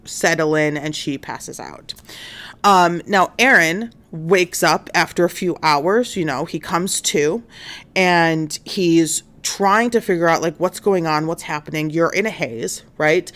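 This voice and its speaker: A woman's voice: sits low, a bit bright. Chatty woman recapping a case. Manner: chatty, many fillers, acts out quotes. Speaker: stream host. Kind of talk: casual true-crime recap.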